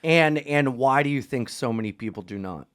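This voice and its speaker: Lively-voiced man asking questions. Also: mid-range voice, moderate pace, a little hiss or hum. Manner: short prompting questions, frequent "mm-hmm". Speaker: podcast interviewer. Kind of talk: casual interview questions.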